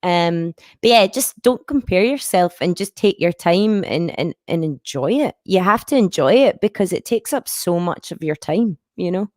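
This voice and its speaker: A woman's voice: lowish voice, lively intonation, moderate pace, hardly any pauses, a little mellow, no echo, studio quality. Frank Scottish woman, broad Lanarkshire accent. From Scotland. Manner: frank and chatty, sprinkled with fillers and a stray swear. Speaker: musician guest. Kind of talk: casual interview chat.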